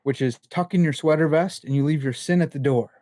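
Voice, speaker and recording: A young man as a podcast guest, telling personal stories in a candid, animated way full of casual slang and fillers. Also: a little high, fairly quick, no room sound, studio quality. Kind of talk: casual conversation.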